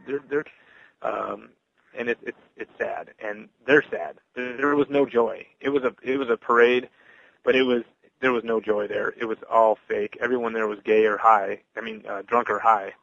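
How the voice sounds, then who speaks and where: A man giving an earnest, halting personal testimony as a Christian evangelist, full of restarts. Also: lowish voice, gravelly, fairly bright tone, muffled recording.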